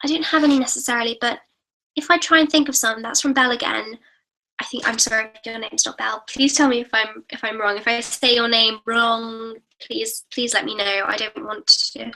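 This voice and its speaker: A teenage girl, hosting a live-stream Q&A where she reads viewer comments aloud. Her voice sits high and bright. She talks in a chatty, bubbly way and apologizes often. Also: fairly even intonation, fairly quick, creaky, poor audio. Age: teens. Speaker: YouTube host.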